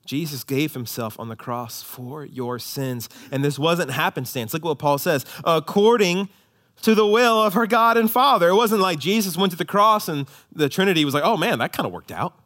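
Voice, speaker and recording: A male pastor delivers a sermon in a fairly high voice. He swings between hushed, slow, low-pitched emphasis and loud, soaring exhortation. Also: expressive.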